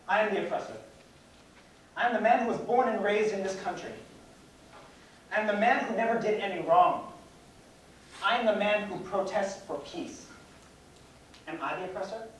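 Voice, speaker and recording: A young man reciting a spoken word poem at a campus event, with measured, repetitive declamation. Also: high voice, a bit bright. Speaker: student performer. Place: lecture hall at a campus event. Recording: very echoey hall, distant mic, some noise.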